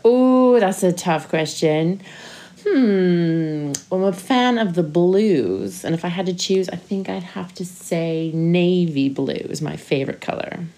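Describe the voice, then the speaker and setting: A young woman from Nova Scotia, answering questions as a guest on a family podcast in a slow, thoughtful, playful way. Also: on the low side, animated, dark tone. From Halifax, Nova Scotia, Canada. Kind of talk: casual family podcast chat.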